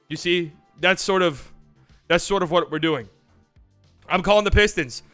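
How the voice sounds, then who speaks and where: Male stream host, casual and profane, crisp bright voice pitched a bit high. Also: brisk, soft background music. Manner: excitable and profane, acting out mock phone calls. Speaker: livestream host. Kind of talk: casual livestream commentary.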